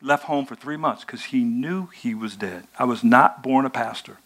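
A male pastor preaching a sermon, retelling a story in a conversational, animated way. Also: medium pitch, normal speed.

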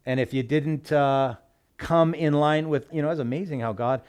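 A man preaching a sermon in a relaxed, conversational way, talking the text through with everyday examples. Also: fairly high pitch, normal speed, clear, resonant tone. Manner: relaxed, folksy, speaks with everyday work analogies. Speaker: pastor.

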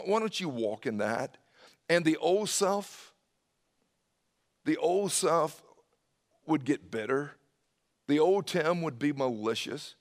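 Animated male preacher. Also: on the high side. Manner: animated preaching with sudden swings from loud to hushed; addresses listeners by name. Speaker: pastor. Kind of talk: sermon.

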